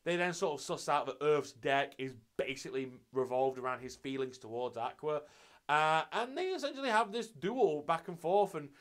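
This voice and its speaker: Casual and unscripted throughout, a young man running an anime channel reviews a show, cursing freely and restarting his sentences often. He talks at normal speed in a fairly bright voice that is a little higher than most men's.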